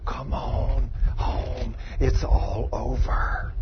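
A man voicing a soothing, tempting spirit that calls a dying man, slow and hushed. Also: mid-range voice, flat delivery, muffled recording, slight background noise. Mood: hushed coaxing.

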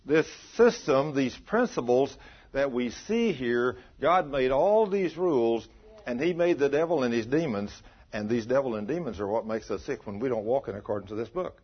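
A man preaching a sermon, telling a story with animated delivery and calling out questions to his congregation. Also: mid-range voice, normal speed, slightly rough, dull audio. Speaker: pastor.

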